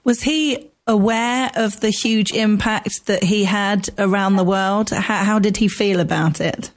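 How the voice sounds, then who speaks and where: A woman interviewing a guest, asking questions gently and a little hesitantly. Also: medium pitch, measured pace. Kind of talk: conversational interview.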